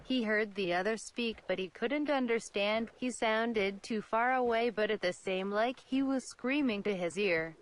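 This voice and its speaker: A young woman in her twenties from Saudi Arabia, reading a fan story aloud in an even, steady way. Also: fairly high pitch, a little slow, hardly any pauses. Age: 20s. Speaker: channel host.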